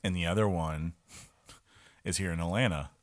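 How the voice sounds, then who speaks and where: Deep-voiced man in casual football chat. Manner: animated, laughing, quick asides. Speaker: podcast co-host. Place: here in Atlanta.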